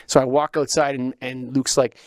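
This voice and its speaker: A man's voice: medium pitch, level tone, normal speed, no room sound. Podcast host guy rambling through a story, emotional, swears a lot, mid voice, dry close sound. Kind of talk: casual storytelling chat.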